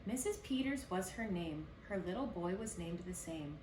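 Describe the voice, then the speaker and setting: A woman baker reading picture books aloud at a children's story hour, expressive and lively. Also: lowish voice, moderate pace, background noise. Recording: roomy echo, distant mic, faint ambience.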